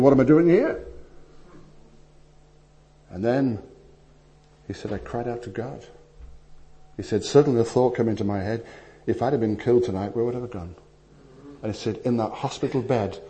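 Male preacher, storytelling sermon voice with loud peaks and quiet asides, mid-pitched. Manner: animated storytelling, swings between loud emphasis and hushed asides. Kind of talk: sermon with anecdotes.

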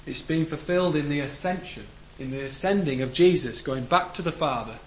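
A man preaching a sermon in a church, earnest, rising to emphatic declarations and letting phrase ends fall low. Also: fairly quick. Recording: echoey room with faint background noise.

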